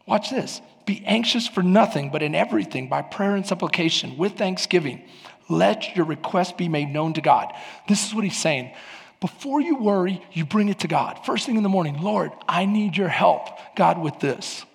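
A male pastor delivering an animated sermon, moving from quiet prayerful tones to fervent, near-shouted preaching. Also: sits high, normal speed, creaky. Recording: long hall reverb.

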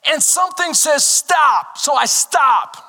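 High bright-voiced preacher man. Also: normal speed. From Texas. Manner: animated storytelling, rising to shouted exhortation. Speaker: pastor. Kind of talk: sermon. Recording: long hall reverb.

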